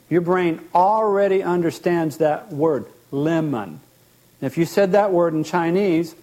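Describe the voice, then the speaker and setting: A man teaching as a therapist, animated, often acting out short bits of dialogue and repeating words as he explains. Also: on the high side.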